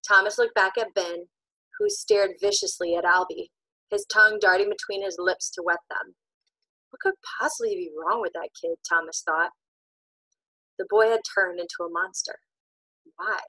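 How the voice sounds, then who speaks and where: A woman giving an expressive audiobook narration, moving between loud tension and hushed suspense. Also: mid-range voice, normal speed, dry recording, poor audio.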